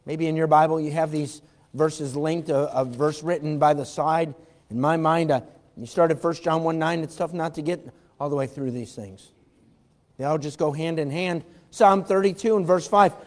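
A man's voice: on the high side, normal speed. A man preaching an evening sermon in a church, fervently reading scripture aloud and asking the congregation direct questions. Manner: reads scripture aloud in King James wording. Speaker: pastor. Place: church sanctuary. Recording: long reverb of a large hall.

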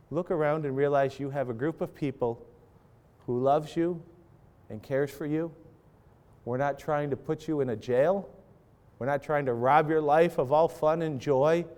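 A pastor with a mid-range, slightly mellow voice preaches to parents and students. His delivery is impassioned, swelling and dropping as he acts out prayers.

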